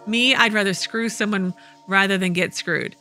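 Woman reading as a robed thug, crude, scheming, bright tone, video game. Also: medium pitch, steady tone, moderate pace, soft background music, lightly acted. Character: crude thuggish man in robes, scheming.

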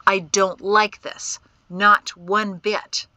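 A woman's voice: medium pitch, level tone, very slow, no room sound. A woman reading an audiobook, voicing a stern, protective middle-aged man who is the group's guide and an exasperated uncle. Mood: grudging. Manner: forceful and exasperated.

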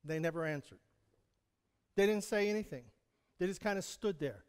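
A man's voice: high voice, animated, normal speed, clean tone. A man preaching a sermon to his congregation, speaking in a conversational way, chuckling often and putting questions to the people in the pews. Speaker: pastor. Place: church sanctuary. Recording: long hall reverb.

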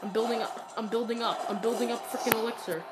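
A woman giving excitable, ranting commentary while playing a mobile game, swinging between yelling and muttering. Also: on the high side, fast talker, heavy background noise. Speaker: gaming YouTuber. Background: loud game music.

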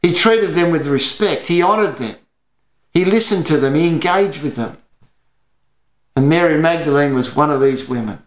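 A man's voice: on the high side, normal speed, reverberant. An Australian man preaching an earnest sermon as pastor, telling stories to his church.

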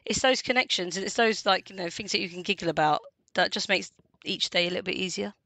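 A woman in her forties, a podcast guest, talking in a chatty, animated way and laughing often. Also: mid-range voice, fast, dry recording. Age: 40s. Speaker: guest, community radio host. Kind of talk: casual podcast conversation.

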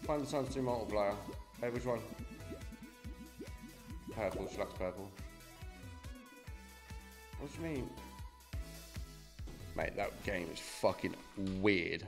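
A man's voice: lowish voice, animated, slow pace, pauses often, over music. A young man doing casual live-stream commentary, swearing freely and chatting to his viewers. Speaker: slot streamer.

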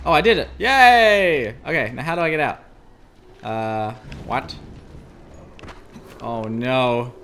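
A male gameplay commentator with a mid-range voice does let's play commentary on a horror game demo, speaking slowly with frequent pauses. He's excitable and easily startled, yelping and squealing "oh no" and "oh god" at every scare. His desk USB mic picks up a slight hiss or hum.

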